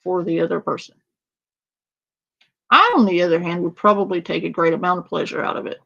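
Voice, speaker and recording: A woman's voice: lowish voice, fairly quick, gravelly, a bit bright, muffled recording. A woman ranting sarcastically and crudely about another streamer, in casual commentary. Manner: sarcastic, crude, mocks with a whiny imitation.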